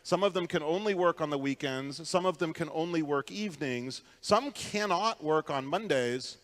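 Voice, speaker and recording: In a large conference hall, a keynote speaker talks with a fairly high, bright voice at a moderate pace. He tells stories conversationally and puts questions to the audience.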